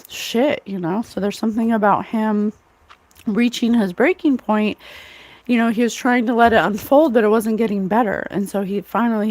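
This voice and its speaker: A woman's voice: mid-range voice, darkish tone, no echo. A woman giving a casual, rambling psychic tarot reading, full of fillers and asides. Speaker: psychic reader.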